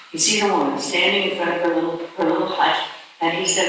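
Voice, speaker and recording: A woman telling a story as a sermon in a church hall, animated and dramatic, often restarting her words. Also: fairly low pitch, a little fast. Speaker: speaker. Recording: echoey distant hall with faint noise.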